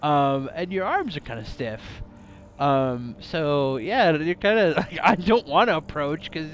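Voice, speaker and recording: A man's voice: a little high, a little slow, slight background noise. A man casually commenting on a video game he is playing, joking playfully and laughing often. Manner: playful and jokey, laughs often, mock-dramatic asides. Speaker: game streamer. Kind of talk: casual let's-play commentary.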